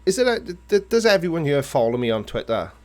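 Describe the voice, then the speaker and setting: A man's voice: fairly high pitch, sing-song, fast. A man hosting a casual live chat with viewers, answering their comments playfully and pulling mock disgust. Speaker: livestream host.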